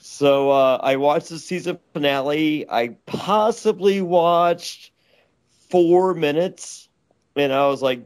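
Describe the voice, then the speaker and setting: A man's voice: fairly high pitch, takes it slowly. A man guest telling a rambling, crude story, stammering and laughing often. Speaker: interview guest. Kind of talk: casual storytelling with crude jokes. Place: Los Angeles.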